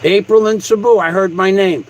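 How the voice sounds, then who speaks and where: A man's voice: high voice, fairly even intonation, normal speed, slight background noise, low-quality recording. A man on a livestream, ranting angrily, repeating himself and swearing heavily. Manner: angry, repetitive and heavily profane. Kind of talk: profane rant on a livestream.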